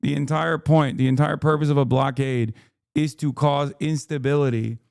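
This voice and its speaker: A man's voice: on the high side, steady tone, moderate pace, vocal fry, darkish tone, smooth, dry recording, clean studio sound. A man hosting a livestream, losing his voice, giving heated, profane and exasperated reaction commentary into a desk mic. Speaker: livestream host.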